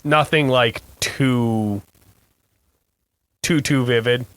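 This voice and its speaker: A man's voice: medium pitch, extremely slow, fairly bright tone, clean tone, no echo. A young man co-hosting a podcast in crude, laughing casual chat. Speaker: podcast co-host.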